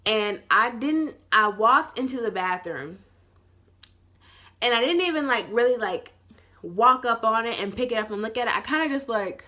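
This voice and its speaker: A nineteen-year-old woman tells a casual storytime, rambling with lots of "like" and swearing, and acts out other people in lower, softer voices. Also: expressive, moderate pace. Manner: rambling, heavy use of "like", swearing. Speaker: vlogger.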